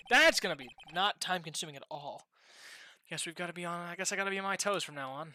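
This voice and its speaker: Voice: medium pitch, animated, fast talker, sharp tone. A game streamer giving live, frustrated, swearing reactions while playing. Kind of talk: live-stream gameplay commentary.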